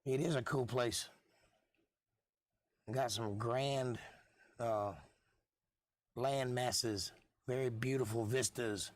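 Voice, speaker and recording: A hoarse man hosting a live stream, chatting in a rambling, offhand and jokey way, with the odd cough. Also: mid-range voice, fairly even intonation, slow, long pauses, no echo. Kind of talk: casual rambling chat.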